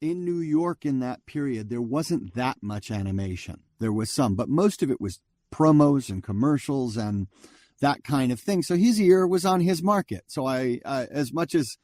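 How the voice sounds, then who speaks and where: A man's voice: medium pitch, animated, moderate pace, darkish tone, no room sound, clean studio sound. A man in his fifties, a voice actor guest, telling stories in a casual chat and acting out other people's lines as he goes. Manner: chatty, acts out others' lines as he recounts. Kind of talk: casual storytelling interview.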